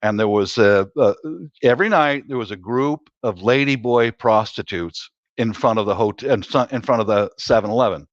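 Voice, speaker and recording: A man's voice: on the low side, moderate pace, no echo. Middle-aged man telling stories, laughing often. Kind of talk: casual storytelling chat. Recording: dull lo-fi dry sound.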